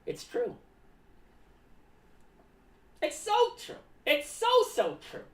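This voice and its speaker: A woman's voice: high-pitched, huge pitch swings, takes it slowly, a bit bright, distant mic, exaggerated voice. A woman voicing a rambling, eccentric clown who talks about himself in the third person and is paranoid about cats, streaming live. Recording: echoey room, voice away from the mic.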